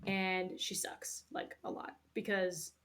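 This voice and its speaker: A woman's voice: medium pitch, little pitch movement, takes it slowly, fairly bright tone. A young woman hosting, recapping a movie casually in a rambling, profane way full of fillers. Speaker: host.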